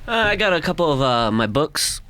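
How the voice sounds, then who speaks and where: Hesitant male comedian with a smooth voice. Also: on the high side, big pitch swings, sharp tone. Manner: hesitant, halting delivery. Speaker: comedy co-host. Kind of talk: improv comedy banter.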